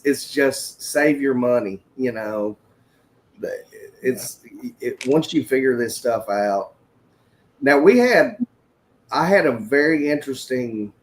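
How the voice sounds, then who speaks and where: A man telling rambling stories in a casual chat, laughing as he goes. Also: medium pitch. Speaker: regular on a morning chat show.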